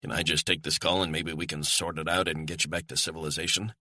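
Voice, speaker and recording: A wary American operative who speaks in short, guarded lines, as a male narrator voices him. The voice is deep and husky with a sharp edge, recorded dry and close. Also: level tone, quick pace, dry recording, heavily acted. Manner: terse, guarded.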